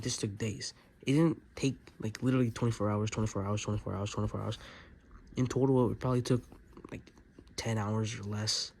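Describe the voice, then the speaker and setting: Excitable man showing off a toy build. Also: medium pitch, gravelly. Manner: excitable, acts out scenes with sound effects. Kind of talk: casual show-and-tell. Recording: noisy room with keyboard clicks.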